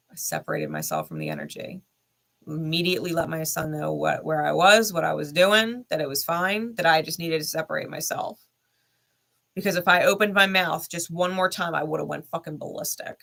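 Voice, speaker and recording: A woman's voice: sits low, lively intonation, normal speed, creaky, a bit bright. A woman, a spiritual content creator, telling a personal story in a blunt, heavily profane and emphatic way. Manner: heated, intense retelling.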